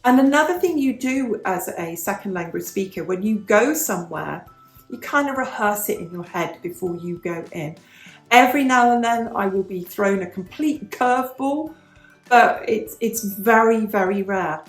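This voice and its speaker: A British vlogger in her fifties, a former English teacher, chats in a casual question-and-answer format, her mid-range voice animated and at normal speed. She explains patiently and repeats key points, with reverb and faint music behind her.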